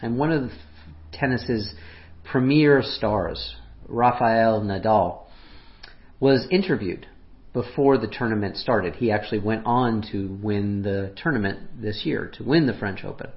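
A man preaching as a pastor, speaking gently and unhurriedly, his voice dropping softly on heartfelt lines. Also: on the low side, a little slow. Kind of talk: reflective sermon. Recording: muffled lo-fi sermon audio.

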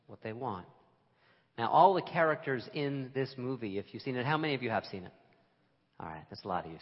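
A man preaching a sermon to a congregation in a relaxed, conversational and self-deprecating way, with emphatic moments. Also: mid-range voice, big-room sound, muffled recording. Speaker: pastor. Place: church sanctuary.

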